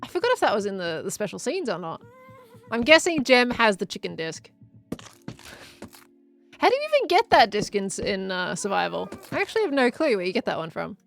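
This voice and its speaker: A woman's voice: medium pitch, very animated, a little fast, gravelly, soft background music. A woman chatting casually on a gameplay livestream, reading viewer messages aloud and answering them as she plays. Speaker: streamer.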